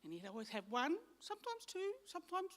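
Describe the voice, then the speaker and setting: A woman's voice: high voice, sing-song, fast. An Australian woman giving a funeral eulogy in a church, chatty and anecdotal, fond and close to tears. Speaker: eulogy speaker.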